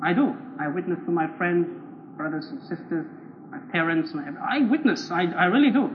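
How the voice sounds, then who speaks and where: A high-voiced, self-congratulating zealot, as a preacher puts him on brags about his devotion and sputters when he is called out. The sound is muffled and lo-fi, with a faint hiss underneath. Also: normal speed, natural voice. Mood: self-satisfied. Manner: boastful, then flustered and stammering. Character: smug self-righteous man, indignant church zealot. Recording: dull lo-fi recording, faint noise.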